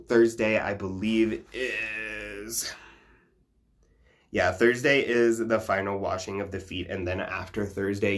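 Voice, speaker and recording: A man casually teaching folk magic customs in an irreverent, profane way, laughing often and using many fillers. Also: fairly low pitch. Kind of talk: casual spiritual teaching vlog.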